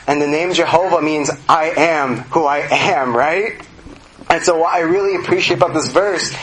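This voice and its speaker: A young man giving a personal church testimony, earnest and chatty, with many fillers. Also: high voice. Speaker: church member sharing testimony. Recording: noisy background.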